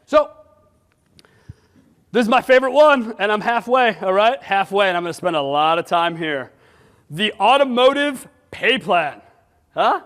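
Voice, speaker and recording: Blunt high-voiced man in a reverberant hall. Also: a little slow, pauses often. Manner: blunt, animated, fires rhetorical questions at the audience. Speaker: sales management conference speaker. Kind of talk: conference presentation. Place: conference hall.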